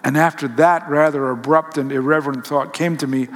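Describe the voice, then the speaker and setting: A man's voice: fairly high pitch, steady tone. Reflective male storyteller in an echoing hall. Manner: musing, halting, with self-corrections. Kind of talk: reflective first-person storytelling. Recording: long hall reverb.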